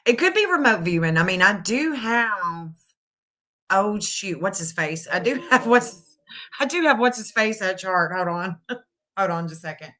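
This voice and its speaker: A woman's voice: medium pitch, animated, measured pace, pushed and bright. A middle-aged woman hosting a casual live stream, thinking aloud and reading out searches as she goes. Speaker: live stream astrology reader.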